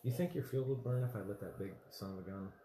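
A man as a podcast guest, talking in a laid-back, halting way. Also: fairly low pitch, dark tone, echoey room, a little hiss or hum. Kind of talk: casual chat.

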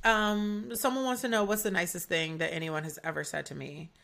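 A woman's voice: lowish voice, flat delivery, a little fast, creaky, a bit bright. A young woman from Atlanta hosting a podcast, talking casually and candidly with lots of "like" fillers. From Atlanta, USA. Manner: chatty, candid, heavy use of "like". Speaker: podcast host.

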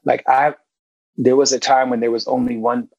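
A man's voice: medium pitch, level tone, moderate pace, creaky, a little mellow, dry recording, muffled recording. A middle-aged man talking as a guest film director in a casual interview, emphatic and candid, swearing freely.

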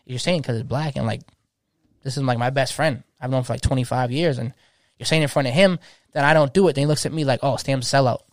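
A man's voice: mid-range voice, fast talker, dry recording, clean studio sound. A man in his thirties, a DJ, talking passionately in casual slang and restarting his sentences often. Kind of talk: casual podcast chat.

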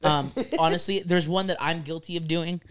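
A man's voice: fairly high pitch, fairly even intonation, over a noisy crowd. A man co-hosting a podcast in casual chat, stumbling over restarts and acting out what others said. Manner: fast, repetitive restarts, acts out quoted dialogue. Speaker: podcast co-host.

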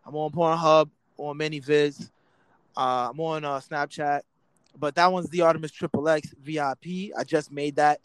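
A man guesting on a casual chat show, rambling through his stories with lots of restarts. His voice is high for a man. The sound is dry and close. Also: steady tone, moderate pace, smooth, no room sound.

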